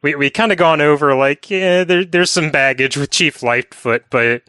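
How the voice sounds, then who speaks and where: A man's voice: a little high, normal speed, pushed and bright, clean tone, no room sound, clean studio sound. A man in casual podcast chat about video games, thoughtful and meandering, leaning on filler words. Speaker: podcast co-host.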